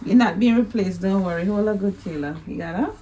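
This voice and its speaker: A woman's voice: medium pitch, fast, warm tone, a little hiss or hum. A Caribbean woman in her thirties, born in Jamaica and raised in Anguilla, vlogging at home on a handheld phone, teasing her family and laughing often. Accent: Caribbean English. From Caribbean, born in Jamaica, grew up in Anguilla. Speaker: vlogger and mother. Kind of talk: casual family vlog. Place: at home indoors.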